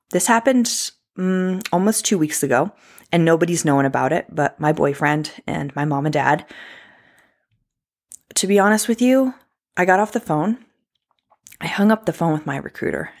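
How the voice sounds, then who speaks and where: A woman in her thirties speaks straight to camera in a personal vlog, impassioned and emphatic as she tells her own story. Her voice sits a little low for a woman. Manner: impassioned, emphatic, addressing viewers directly. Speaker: traveling ultrasound tech and speaker.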